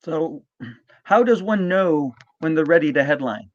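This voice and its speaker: Man hosting with quick eager reactions. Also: on the high side, expressive, dry recording. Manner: short eager reactions and questions. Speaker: podcast host. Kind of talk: casual interview chat. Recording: dry, dull lo-fi audio.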